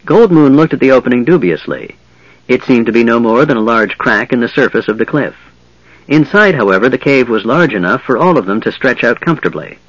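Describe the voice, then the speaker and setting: A man narrates a fantasy audiobook in a steady, measured delivery at a middle pitch. The recording is dry and a little dull. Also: no echo.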